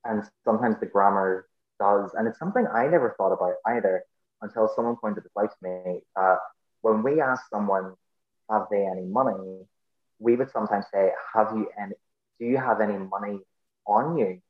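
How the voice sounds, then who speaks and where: Northern Irish man, low, echoey. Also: moderate pace, muffled recording. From Northern Ireland. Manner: thoughtful, explains with many ums and restarts. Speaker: podcast guest. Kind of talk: casual interview chat.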